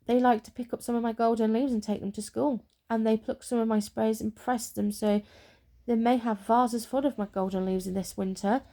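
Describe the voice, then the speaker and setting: Gentle beech tree, soft-voiced by a woman, whispered role-play, reassuring. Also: on the high side, steady tone, normal speed, close to an everyday voice. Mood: cheerful.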